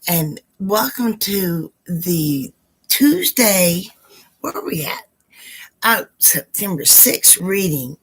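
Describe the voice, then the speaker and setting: A woman hosting a live psychic Q&A stream, chatty and affectionate with her viewers, her voice hoarse and rough. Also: on the low side.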